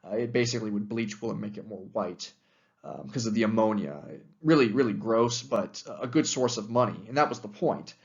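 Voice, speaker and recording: A man's voice: fairly low pitch, fairly quick, lo-fi sound. A young adult man giving a recorded history lecture, talking casually with many fillers. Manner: casual, conversational with frequent fillers.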